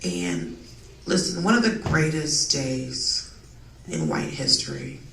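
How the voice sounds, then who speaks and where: A woman performing a profane, animated stand-up set on a live comedy club stage. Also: very deep voice, slow, creaky. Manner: profane, animated, acts out quoted voices. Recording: echoey room, distant mic, crowd noise. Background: audience laughter.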